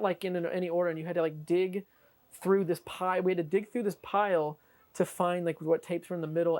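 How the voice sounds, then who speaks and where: A woman telling a long, rambling anecdote in an interview, full of "like" and acted-out quotes. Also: low-pitched. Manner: rambling, lots of "like", animated quoting. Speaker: interviewee, tape collector. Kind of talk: excited anecdotal storytelling.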